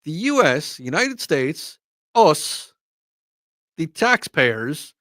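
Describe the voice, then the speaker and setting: Animated Irish radio host. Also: male voice, on the high side, extremely slow, dry recording, clean studio sound. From Ireland. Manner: animated, teasing, talks straight to listeners. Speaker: radio talk show host. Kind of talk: casual call-in radio talk. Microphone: studio microphone.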